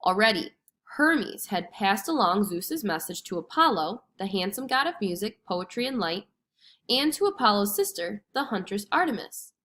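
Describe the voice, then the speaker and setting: A woman reading a storybook lesson aloud to children with expressive, clear storytelling. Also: mid-range voice, moderate pace. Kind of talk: storybook read-aloud narration.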